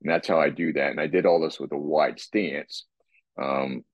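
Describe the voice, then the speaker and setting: A man talking casually about his workout, rambling and restarting his sentences and clearing his throat often. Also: extremely low pitch, fairly even intonation, moderate pace, no echo, dull audio. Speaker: guest describing his workout. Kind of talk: casual podcast talk.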